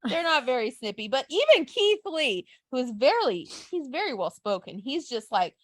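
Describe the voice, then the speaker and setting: A woman co-hosting a casual podcast who swears freely and retells events with quick quoted asides. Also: high-pitched, big pitch swings, fairly bright tone, no room sound. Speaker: podcast co-host. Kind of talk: casual chat.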